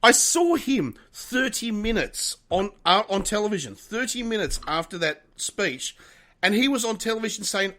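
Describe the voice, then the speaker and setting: Man podcast co-host, higher voice with big swings in pitch, animated, rambling and apologetic. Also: normal speed. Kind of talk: casual political chat.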